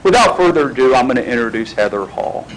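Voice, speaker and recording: A man at a school board meeting introducing a guest speaker, halting with frequent fillers. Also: mid-range voice, expressive, slight background noise, poor audio. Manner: halting, many fillers and restarts. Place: meeting room.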